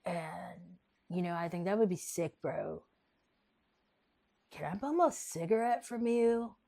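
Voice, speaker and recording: A laid-back young skater guy who drawls slowly like a surfer dude, as a woman puts him on. His voice is mellow and relaxed. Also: lowish voice, creaky.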